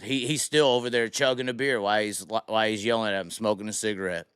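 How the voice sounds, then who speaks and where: A man's voice: lowish voice, fast talker, clear, resonant tone, no room sound, clean studio sound. A man hosting a casual live stream, telling a rowdy story with lots of cursing and acted-out voices. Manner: animated, profane, acts out the people in his story. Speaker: podcast host.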